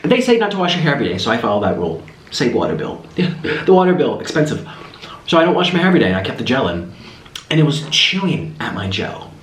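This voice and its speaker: Animated man telling a rambling story. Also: medium pitch, fast. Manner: animated, rambling, with many restarts. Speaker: mukbang vlogger. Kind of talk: casual storytelling while eating. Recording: roomy echo, faint background hiss.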